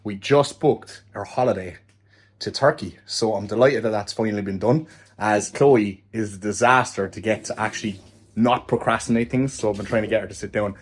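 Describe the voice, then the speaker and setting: A man's voice: lowish voice, moderate pace, husky. A man with an Irish accent who coaches fitness, chatting casually and upbeat in a vlog and swearing freely. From Ireland. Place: car, home and outdoors.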